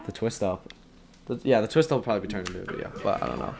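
Excitable man narrating his gameplay. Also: lowish voice, very fast, vocal fry. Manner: excitable, yells when stressed; rambling, filler-heavy. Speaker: gaming YouTuber. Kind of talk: live gameplay commentary.

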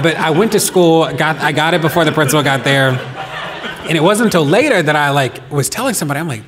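A man telling a personal story to a host on stage, animated, laughing often and talking with lots of fillers. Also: on the high side, quick pace, noisy background. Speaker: podcast guest. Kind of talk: storytelling in a live talk. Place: stage of a performance venue. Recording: long reverb of a hall.

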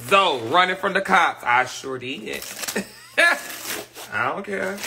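A man's voice: on the high side, lively intonation, takes it slowly, creaky, background noise. A man hosting a live stream, chatting casually with viewers in a brash, profane, gossipy way while he vents his frustrations. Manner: frustrated, ranting. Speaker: livestream host. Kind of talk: casual livestream chat. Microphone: phone or webcam on a live stream.

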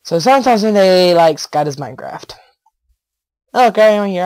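A teenage boy giving rambling, excitable gameplay commentary on a headset mic, with giggles and sudden loud outbursts. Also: high-pitched, normal speed, dry recording, low-quality recording. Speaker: gaming YouTuber.

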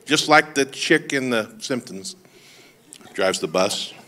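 A man's voice: mid-range voice, animated, takes it slowly, sharp tone, slight background noise. A man preaching a sermon as lead pastor, telling stories with humorous asides and calling out to the congregation for responses. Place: church service.

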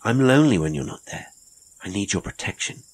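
A man's voice: lowish voice, very animated, a little fast, slightly rough, voice pushed up, poor audio. A man voicing a lonely, eager castaway who pleads earnestly. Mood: pleading.

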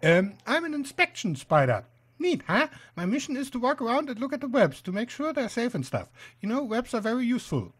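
A giggly little spider inspector, played by a man, with a quiet, high-pitched voice and a cheerful, childlike manner. The voice skips up and down brightly. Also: sing-song, brisk, slightly rough, exaggerated voice.

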